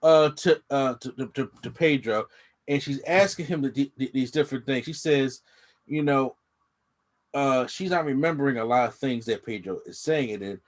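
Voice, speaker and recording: A man's voice: medium pitch, moderate pace. A man co-hosting a casual review chat, rambling with slang and frequent restarts. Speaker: co-host reviewing a TV episode.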